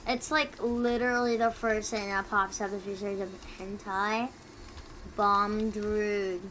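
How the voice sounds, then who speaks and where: A tipsy young woman streamer chatting casually with viewers, talking quietly and rambling with giggles close to her mic. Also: mid-range voice, little pitch movement, takes it slowly, a little hiss or hum, low-quality recording. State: tipsy from drinking. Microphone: close desk mic.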